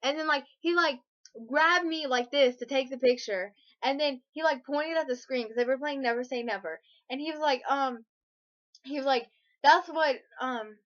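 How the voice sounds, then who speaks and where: A teenage girl vlogging, telling an excited personal story full of fillers, gushing and breathless, with sudden shrieks. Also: sits high, moderate pace. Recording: dull lo-fi webcam audio.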